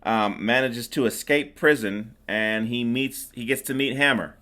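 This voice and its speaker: Sarcastic podcast host with a bright voice. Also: male voice, mid-range voice, a little slow. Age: middle-aged. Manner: rambling, sarcastic, many fillers. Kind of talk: casual movie recap chat.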